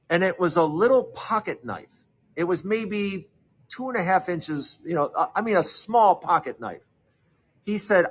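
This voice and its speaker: A middle-aged man telling a personal story in a conversational, halting way, with restarts and fillers, and a softer, lower voice when he quotes others.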